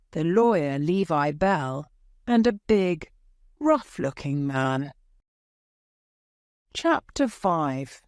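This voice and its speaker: A woman with a slightly low voice tells a story slowly and clearly, her pitch rising and falling a lot. The recording is close and dry, with no room sound. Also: a little mellow, dry recording. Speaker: narrator. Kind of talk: graded reader audiobook narration.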